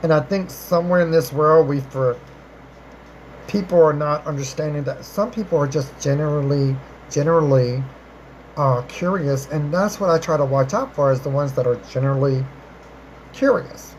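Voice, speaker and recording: A chatty, affectionate host running a live stream, calling viewers darling and baby. Speech wanders and repeats, with sudden upward leaps in pitch on greetings, around a mid-range voice. Faint noise sits under the voice. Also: normal speed, low-quality recording. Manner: chatty, repeats and rephrases, with swooping pitch jumps. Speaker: livestream host answering viewer questions. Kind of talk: casual live-stream chat.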